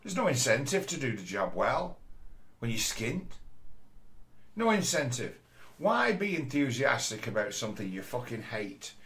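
A man's voice: mid-range voice, very animated, unhurried, a bit bright. A middle-aged man, talking bluntly in a sweary casual monologue. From Rochdale, England. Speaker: commentator.

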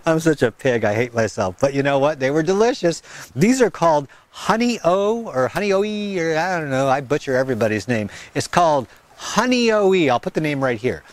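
A man's voice: fairly high pitch, very animated, a little fast. Chatty man outdoors in the wind. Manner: rambling, chatty, laughs at himself; sing-song baby talk to his dog. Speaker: gardening channel host. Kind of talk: casual outdoor vlog. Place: windy garden outdoors. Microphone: wireless mic with fuzzy windscreen.

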